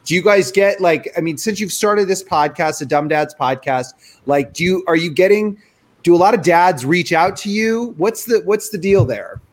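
A man's voice: high voice, animated, moderate pace. A young man co-hosting a podcast in casual chat, joking and rambling with restarts. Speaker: podcast co-host.

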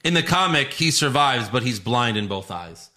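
Male podcast host, animated recapper, bright and tense tone, pitch swinging widely. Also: moderate pace. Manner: animated, laughs often, acts out quotes. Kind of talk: casual chat recapping a show.

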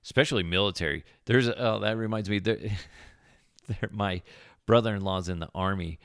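A man's voice: lowish voice, normal speed, fairly bright tone, clean tone, dry recording, clean studio sound. A man hosting a podcast, telling rambling stories with crude jokes in a casual, offhand way. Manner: jokey, rambling, crude humor, frequent fillers. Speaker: podcast host. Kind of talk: casual rambling storytelling monologue.

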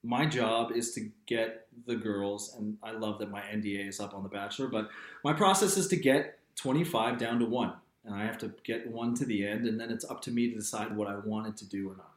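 A man, a guest in a casual interview, telling his stories in an animated way and laughing often. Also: lowish voice, a little fast. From Canada. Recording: roomy echo.

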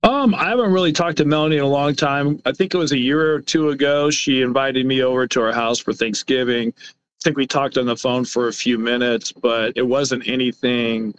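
A middle-aged man speaking as an interview guest, halting and repetitive as he talks about personal matters. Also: mid-range voice, clean tone, no echo. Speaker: podcast guest, brother.

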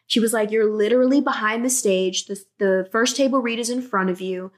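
A woman on a podcast telling animated, sassy stories and acting out the dialogue in them. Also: fairly high pitch, a little fast, hardly any pauses. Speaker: guest. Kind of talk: casual podcast conversation.

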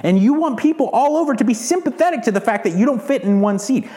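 A man's voice: very high-pitched, lively intonation, fast talker, hardly any pauses, dark tone. A man hosting his own podcast, ranting heatedly and cursing often, repeating words as he builds up steam. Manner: heated, profane, repeats words when worked up. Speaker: podcast host. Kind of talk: ranting monologue.

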